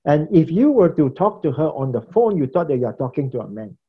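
A preaching instructor with a fairly high voice, big pitch swings, and a breathy edge talks fairly quickly. He lectures his class conversationally on preaching, repeating phrases and asking questions, in a slightly dull lo-fi recording.

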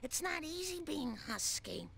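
A woman's voice: high-pitched, expressive, measured pace, vocal fry, fairly bright tone, slight background noise, exaggerated voice. A woman voicing a sassy cartoon game character who wisecracks with exasperation. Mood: wry.

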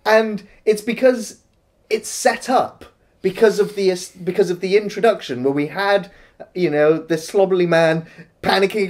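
A man co-hosting a casual film review, calmly recapping scenes and defending the parts he liked. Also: high voice. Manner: measured, recapping the plot and defending points.

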